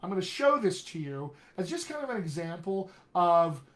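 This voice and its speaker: A middle-aged man, a dialect coach, giving an energetic, jokey live-streamed lesson, often checking in with "all right?". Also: sits high, normal speed. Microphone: webcam or computer mic on a live video stream.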